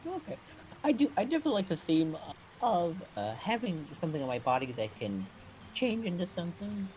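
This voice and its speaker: Woman player, low voice, lively pitch, hesitant, faint background noise. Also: fairly quick, rough recording. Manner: hesitant, self-correcting. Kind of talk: casual tabletop role-play.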